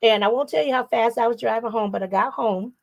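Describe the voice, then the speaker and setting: A woman's voice: on the high side, fast talker, vocal fry, highs cut off. A middle-aged woman, a psychotherapist, giving a parenting talk full of personal stories and acted-out quotes. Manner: animated storyteller, acts out quoted voices. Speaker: psychotherapist and guest speaker.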